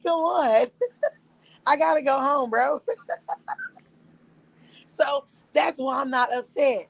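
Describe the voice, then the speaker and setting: A woman's voice: on the high side, poor audio. A young woman hosting a livestream, telling a story casually, with frequent laughter, profanity. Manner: animated, profane, laughs often. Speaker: livestream host.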